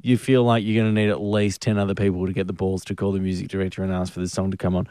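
A man co-hosting a radio show, teasing his partner with quick interjections. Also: low voice, little pitch movement, dark tone, no room sound, clean studio sound. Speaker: radio co-host. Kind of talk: casual on-air banter. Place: radio studio. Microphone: studio microphone.

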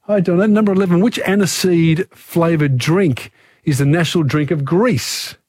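A man hosts a radio quiz in a bright, upbeat studio manner. His voice sits fairly high for a man and is recorded close on a dry studio mic with no room sound. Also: normal speed, slightly rough, no room sound. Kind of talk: talkback radio quiz hosting.

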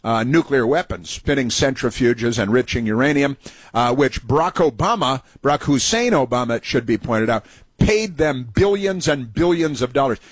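A male talk radio host runs through political commentary in a sarcastic, mocking style, stumbling over filler words along the way. His husky, middle-pitched voice has lively intonation and moves at normal speed. It's captured dry and close, with no room sound.

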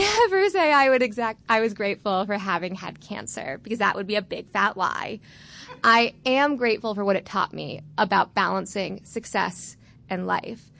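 A woman's voice: medium pitch, gravelly, a bit bright. A woman in her twenties from Florida, telling a personal story on stage with a candid, wry, self-mocking manner. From Florida, USA.

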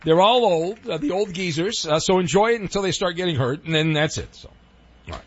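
Lively, teasing male sports radio host. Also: high-pitched, brisk, breathy edge, lo-fi sound. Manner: joking, teasing, playful bluster. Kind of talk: casual call-in radio talk.

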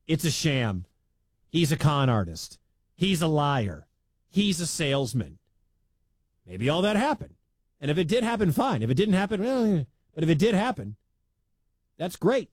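A male sports radio host from the Midwestern US with a fairly high voice and a lively, swinging delivery. He talks in an animated, emphatic way into a dry studio mic. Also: no room sound.

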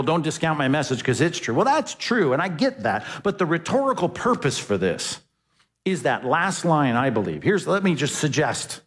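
A man's voice: a little high, breathy edge. A man preaching an expository sermon as a pastor, talking conversationally and often asking the congregation questions. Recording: long hall reverb.

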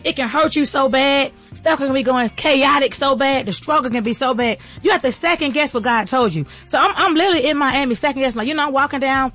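Woman fast, bright, high preaching voice. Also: faint music behind. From Atlanta area. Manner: preachy, repetitive, building to shouts. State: teary. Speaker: restaurant owner. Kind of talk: emotional motivational talk.

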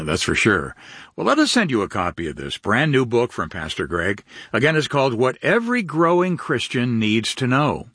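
A man's voice: medium pitch, a bit bright, breathy edge, no room sound, clean studio sound. A man co-hosting a radio program, announcing offers and asking questions in an announcer's manner.

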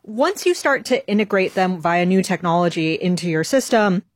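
Woman co-hosting a podcast, lower voice, dry sound, asks careful detailed questions. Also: animated, normal speed, no room sound. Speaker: podcast co-host. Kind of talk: interview questions.

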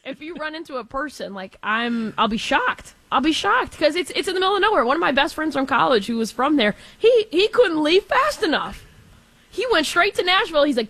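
Woman co-host, somewhat high voice, chatty and teasing, casual sports chat. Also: lively intonation, brisk, a bit bright, no room sound.

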